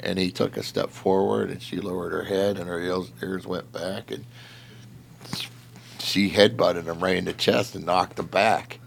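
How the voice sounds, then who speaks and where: His voice sits low and creaky, and he keeps a measured pace over slight background noise. Chatting casually about his patrol days, he rambles with plenty of filler words and laughs while telling it, animated throughout.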